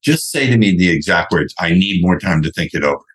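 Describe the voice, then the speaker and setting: A man's voice: low-pitched, animated, brisk, husky. A man being interviewed as a sales trainer, talking bluntly and brashly and swearing freely. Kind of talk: podcast interview.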